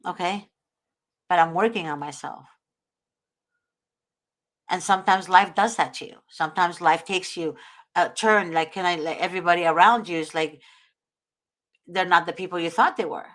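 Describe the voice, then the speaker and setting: A woman's voice: on the low side, moderate pace, pauses often, fairly bright tone. A woman hosting a talk show, giving earnest, preachy advice and often invoking God. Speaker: host.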